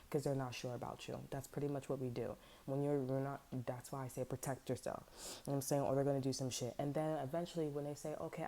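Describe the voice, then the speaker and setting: A woman with a low, mellow voice talks loosely and unscripted, a tarot reader who drifts into blunt, profane asides full of "like" and "you know". Her speech has features, and she jumps between stories before circling back to the reading. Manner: blunt, profane, rambling storytelling with lots of fillers. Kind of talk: casual unscripted tarot chat.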